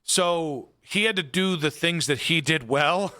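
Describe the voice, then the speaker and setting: Man, sports radio host, bright pushy tone, slightly high, rambling with fillers, opinionated, studio chat. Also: unhurried. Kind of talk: casual sports talk.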